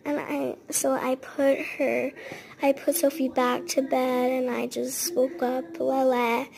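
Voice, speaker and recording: A woman's voice: high voice, level tone, slow pace, gravelly, darkish tone. A woman telling a casual storytime in a chatty, rambling way, full of "like" fillers.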